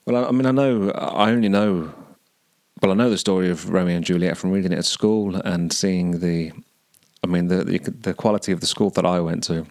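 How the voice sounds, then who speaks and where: Low-voiced guy talking through song lyrics, hesitant, dry close sound. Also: steady tone, a little fast, darkish tone, no room sound. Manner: hesitant, searching for words, many restarts. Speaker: podcast host. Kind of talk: musing commentary on song lyrics.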